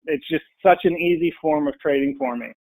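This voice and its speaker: A man's voice: a little high, fairly quick, vocal fry, darkish tone, no room sound, rough recording. A man in a casual interview, talking bluntly and with passion about his own trading. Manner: blunt, passionate, mimics people in quotes. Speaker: podcast guest, full-time trader.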